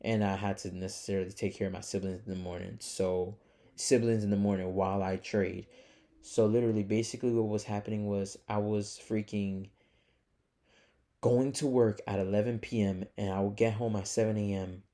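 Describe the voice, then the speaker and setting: Gravelly young man rambling to camera. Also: fairly low pitch, level tone, a little fast, mellow. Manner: rambling, filler-heavy, earnest; calls the audience "guys" and "man". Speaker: trading vlogger. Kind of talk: casual confessional vlog.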